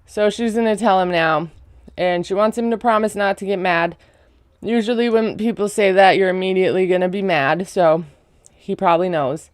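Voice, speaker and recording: A woman's voice: mid-range voice, normal speed, dry recording, clean studio sound. A woman giving a casual, chatty recap of a reality show, full of sarcastic asides.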